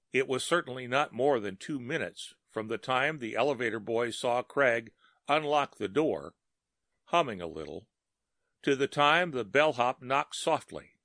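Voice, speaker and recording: A man narrating a story in a measured, dramatic reading. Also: mid-range voice, pushed and bright, dry recording, studio quality.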